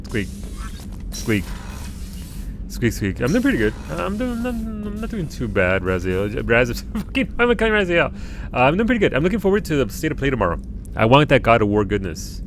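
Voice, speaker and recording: A man's voice: fairly high pitch, sing-song, faint music behind. Rambling, laughing male game streamer. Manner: rambling, swearing, quick to laugh. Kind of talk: casual live-stream chat. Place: at home.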